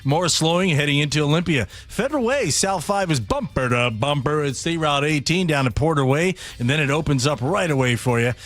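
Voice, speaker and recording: Slightly high-voiced radio traffic reporter. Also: male voice, expressive, a little fast, few pauses, a bit bright. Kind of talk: scripted traffic report with ad read. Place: radio studio.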